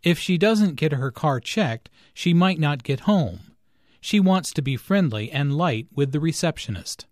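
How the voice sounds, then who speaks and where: A man reading a scripted English lesson, explaining grammar slowly and clearly. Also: on the high side, animated, dry recording, clean studio sound. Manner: slow, clear, carefully enunciated. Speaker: English teacher. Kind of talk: scripted language lesson with dialogues.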